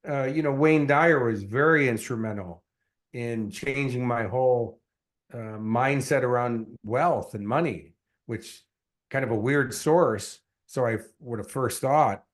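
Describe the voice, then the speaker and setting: A man, a success coach and guest, telling his story in an earnest, animated way, with many fillers. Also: medium pitch, measured pace. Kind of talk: casual interview storytelling.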